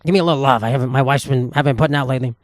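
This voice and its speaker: A man's voice: medium pitch, very fast, no room sound, clean studio sound, lightly acted. A man putting on the voice of a sleazy middle-aged massage-parlor customer, leering and wheedling, as a comedic bit. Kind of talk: comedic impression in a podcast rant.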